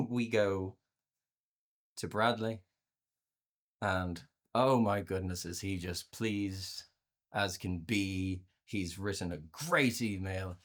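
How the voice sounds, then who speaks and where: A man presenting a workshop on communication to a virtual audience, conversational and animated, often repeating words as he restarts his sentences. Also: slow, pauses often. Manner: acts out inner voices with playful pitch jumps. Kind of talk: live talk to a virtual audience.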